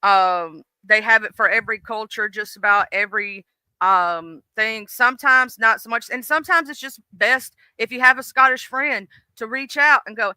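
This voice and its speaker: Bright, chatty live-stream host woman. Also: on the high side, normal speed, smooth, dry recording. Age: middle-aged. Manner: rambling, many fillers and restarts. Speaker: livestream host. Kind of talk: casual live-stream chat.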